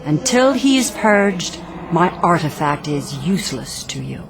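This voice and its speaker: An ancient goddess of dusk and dawn speaks to a mortal with solemn authority. Her voice sits low and moves slowly and deliberately, over a clear bed of background noise. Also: big pitch swings, exaggerated voice. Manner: slow, solemn, commanding.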